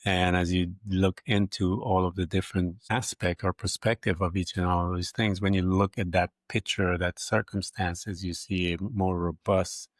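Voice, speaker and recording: A man hosting a conversational interview, asking questions in a measured, reflective way with filler phrases. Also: sits low, dry recording, clean studio sound. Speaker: host.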